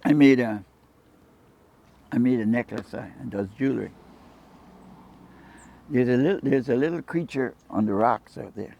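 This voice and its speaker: In a muffled recording, an older Caymanian man speaks at a moderate pace with vocal fry, medium pitch and long pauses. A fisherman and jewelry maker from Cayman Brac, he tells rambling anecdotes in an interview, acting out the conversations in them.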